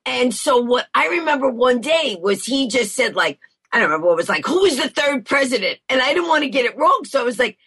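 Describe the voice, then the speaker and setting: A middle-aged woman speaks as a radio guest, telling stories at a rapid, bubbly clip. Her voice sits a little high and has a husky edge. She acts out the voices of people as she tells her stories. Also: very animated, fairly bright tone. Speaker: guest, motivational speaker and comedian. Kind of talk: storytelling in an interview.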